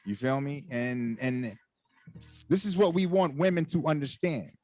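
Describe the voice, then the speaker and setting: A man hosting a casual podcast chat, animated and fond of repeating catchphrases. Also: mid-range voice, measured pace, dry recording, faint music behind. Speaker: podcast host.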